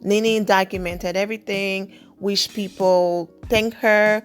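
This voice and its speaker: A woman's voice: mid-range voice, fairly even intonation, slow pace, soft background music. A woman giving casual celebrity news commentary in a chatty style, often saying "you know".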